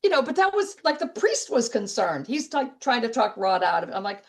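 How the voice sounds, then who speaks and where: A middle-aged woman comedian telling stories as an interview guest, lively and wisecracking, laughing easily as she talks. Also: a little high, brisk. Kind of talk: casual storytelling interview.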